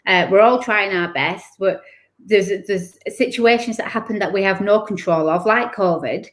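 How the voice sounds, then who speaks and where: A woman opens up as an interview guest. She talks candidly and with feeling, stopping and restarting her sentences as she recounts hard times. Her pitch sits at a middling level. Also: normal speed, a bit bright. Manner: candid and emotional, many restarts and self-corrections. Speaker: guest author. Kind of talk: personal storytelling in an interview.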